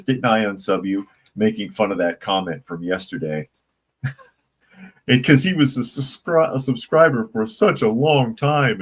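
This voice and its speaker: A man's voice: deep voice, fairly bright tone. A man hosting a casual live-stream commentary show, opinionated and rambling, reading viewer chat comments aloud. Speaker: political commentary channel host.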